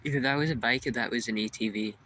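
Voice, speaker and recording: A man's voice: medium pitch, fast, pushed and bright, a little hiss or hum. A young man vlogging a live stream outdoors in the woods by the water, talking casually, swearing a lot and startled by sounds.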